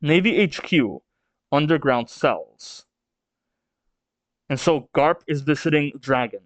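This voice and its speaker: A man's voice: on the high side, a little slow, pauses often, no room sound, dull audio. A man hosting a manga read-along, commenting casually with many fillers and restarts. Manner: hesitant, filler-heavy. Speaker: manga reaction host.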